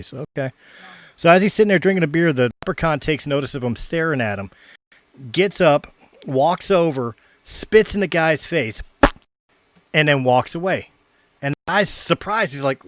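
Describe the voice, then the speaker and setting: Mid-pitched man telling a crude joke. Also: brisk, no room sound. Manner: rambling storyteller, profane, stammers on restarts. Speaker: podcast host. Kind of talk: casual podcast banter, joke telling.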